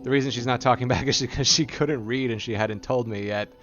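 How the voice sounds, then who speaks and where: A man's voice: medium pitch, fairly even intonation, a little fast, muffled recording, over music. A man streaming a game live, playfully teasing his companion and relaying her replies aloud, laughing often.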